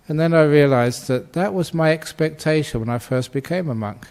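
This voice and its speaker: A man giving a Buddhist dharma talk, telling stories in a gentle, humorous way and laughing often. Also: on the high side, normal speed, few pauses, clear, resonant tone. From Australia. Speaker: Buddhist monk teacher.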